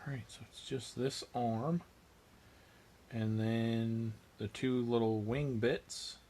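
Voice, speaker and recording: A man's voice: medium pitch, fairly even intonation, slow, warm tone, a little hiss or hum. A man hosting a miniature painting livestream, chatting casually as he works and answering viewers with dry, self-mocking humor.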